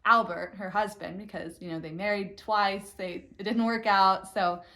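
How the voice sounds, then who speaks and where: A woman actor casually introduces her monologue, chatty and full of fillers. Her voice sits at a middle pitch. She talks loosely and conversationally. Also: steady tone, moderate pace, sharp tone. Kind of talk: casual chat.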